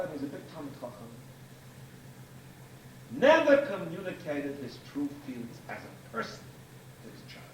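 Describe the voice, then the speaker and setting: Animated rabbi lecturing in echoey room. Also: male voice, fairly high pitch. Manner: emphatic, repeats key phrases, animated. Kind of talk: Torah lecture to an audience. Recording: echoey room, distant mic, faint hiss.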